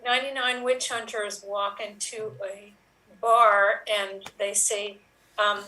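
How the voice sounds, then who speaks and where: A woman in an improv game telling a short joke at an unhurried pace. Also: mid-range voice, steady tone, pushed and bright, far from the mic, poor audio. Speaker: improv performer. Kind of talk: telling one-line joke setups.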